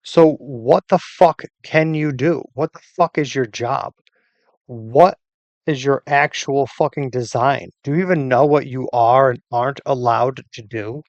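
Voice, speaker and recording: A man's voice: mid-range voice, a little slow, no echo, dull audio. A man in an angry rant at an AI assistant, furious, profane and insulting, speaking at his computer at home. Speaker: user arguing with an AI assistant.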